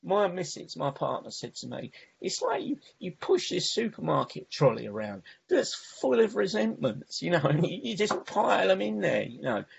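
A man's voice: on the high side, very animated, moderate pace, gravelly, hardly any pauses, husky, highs cut off. A man sharing his recovery story at a meeting, rambling, with many restarts and "you know"s. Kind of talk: personal recovery share.

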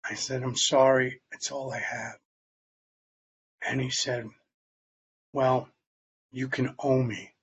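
A man telling a personal story in plain, halting words, sometimes dropping almost to a whisper. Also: mid-range voice, little pitch movement, husky, muffled recording. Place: Long Island, New York.

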